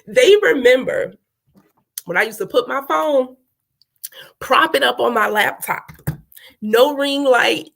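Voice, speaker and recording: A middle-aged woman, a motivational speaker and coach, talking live to her viewers. She speaks emphatically, in a preachy rhythm, repeating phrases and checking in with "right?". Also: a little high.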